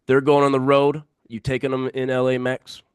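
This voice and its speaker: A man's voice: medium pitch, completely flat delivery, normal speed, smooth, no echo, clean studio sound. A man co-hosting a sports podcast in casual banter, emphatic and repeating his picks for effect.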